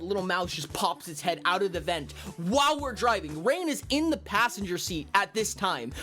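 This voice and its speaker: A man telling a story in casual stream chat, animated and profane, with lots of exclamations. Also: high-pitched. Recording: faint music in background.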